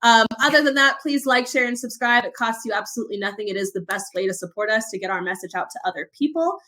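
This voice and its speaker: Young woman, bright tone, slightly high voice, animated, emphatic, casual podcast chat. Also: fast talker. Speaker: podcast co-host.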